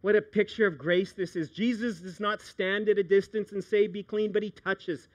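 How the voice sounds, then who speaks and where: A middle-aged man, a pastor preaching a sermon, animated, moving from hushed storytelling to loud outbursts. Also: sits high, moderate pace.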